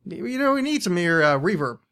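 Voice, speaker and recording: A man's voice: sits high, big pitch swings, brisk, a bit bright. A man hosting a podcast in a studio, with a strained, blown-out voice, chatting in a rambling, self-deprecating way. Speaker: podcast host. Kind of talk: casual studio chat.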